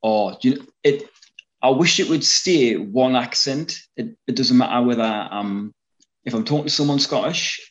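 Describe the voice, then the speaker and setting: Speaking at normal speed in a mid-range voice, this North East English man is an interview guest who acts in fan films. The dull lo-fi recording catches him rambling casually, frequently restarting and saying um.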